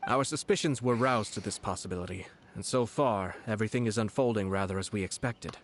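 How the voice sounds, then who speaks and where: A man doing a calm, formal young noble. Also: on the low side, slight background noise, natural voice. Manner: measured, formal, strategic. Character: composed young noble commissioner, calm and calculating.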